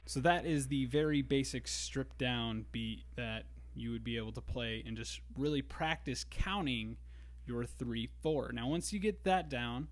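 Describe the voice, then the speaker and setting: A man teaching a drum lesson in a relaxed way, explaining grooves step by step. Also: medium pitch, a little slow, slight background noise. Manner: counts beats aloud, easygoing explaining. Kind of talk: casual instructional talk. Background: drum kit and metronome.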